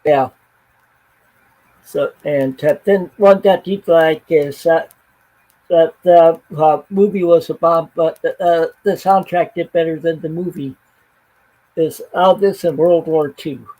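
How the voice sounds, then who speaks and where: A man hosts a relaxed chat about records and soundtracks. His voice is mellow and a little higher than most men's. He talks haltingly and leans on fillers as he gathers his thoughts. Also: low-quality recording. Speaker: show host. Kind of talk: casual chat. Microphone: streamed panel chat.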